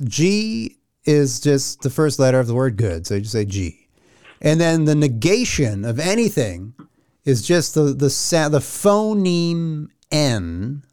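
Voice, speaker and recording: A young man hosts a casual podcast, rambling along and swearing loosely as he laughs at himself. His voice is smooth and resonant. The sound is close and dry, with no room in it. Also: medium pitch, darkish tone, dry recording. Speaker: podcast host. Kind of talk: casual chat.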